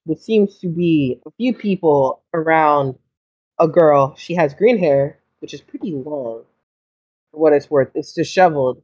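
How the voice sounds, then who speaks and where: A woman's voice: low-pitched, unhurried, warm tone, lo-fi sound. A woman narrating as game master in a casual, rambling way. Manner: casual, rambling, restarts often.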